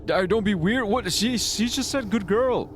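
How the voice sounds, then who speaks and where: A man's voice: high voice, moderate pace, background noise. A man streaming a game live, rambling and swearing freely as he comments. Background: game music.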